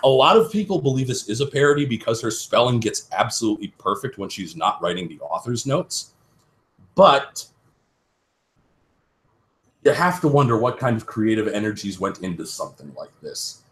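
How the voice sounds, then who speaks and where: A man, a voice actor guest on a livestream, giving a theatrical, expressive reading. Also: lowish voice, normal speed.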